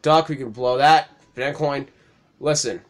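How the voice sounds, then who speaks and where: A man's voice: mid-range voice, moderate pace. A young man giving casual let's play commentary, swearing freely, laughing often and getting worked up at the screen. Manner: profane, excitable, laughs often.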